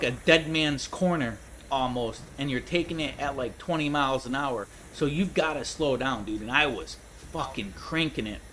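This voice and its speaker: A man's voice: a little high, fairly bright tone, a little hiss or hum, poor audio. A young man gaming at home, telling a long rambling story, laughing often and calling people dude and man. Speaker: gaming streamer. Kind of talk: casual storytelling while gaming.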